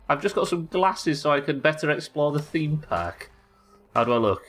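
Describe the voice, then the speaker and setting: Speaking at normal speed in a fairly high, somewhat bright voice, a young man from the UK streams himself playing a game. His commentary is casual and rambling, with swearing and spoken reactions throughout.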